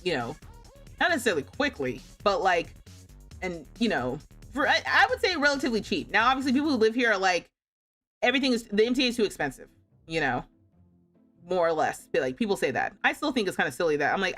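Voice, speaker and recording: A young woman from the United States chats casually while she plays a game, her pitch swinging widely as she acts out what people said. She laughs often and keeps the story lively, with faint music playing behind her. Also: fast. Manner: animated, laughs often, acts out quoted voices. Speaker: streamer.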